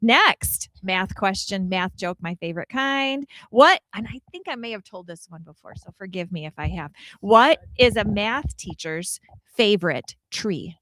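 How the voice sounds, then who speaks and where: A woman's voice: mid-range voice, measured pace, no echo, rough recording. A woman teacher on the school morning announcements, playful and joking with the children. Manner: playful, animated, tells jokes to children.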